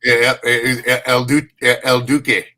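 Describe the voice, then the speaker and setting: A male host chatting casually and dropping quick jokes into his guest's stories. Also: mid-range voice, flat delivery, bright, forceful tone. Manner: chatty, joking interjections. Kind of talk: casual chat.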